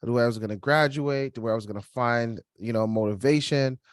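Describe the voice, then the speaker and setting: A young man co-hosting a podcast, telling a personal story in casual chat, lively and laughing, acting out the voices of others. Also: medium pitch, a little fast, dry recording, clean studio sound. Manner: animated, acts out quoted voices, laughs while telling. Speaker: podcast co-host.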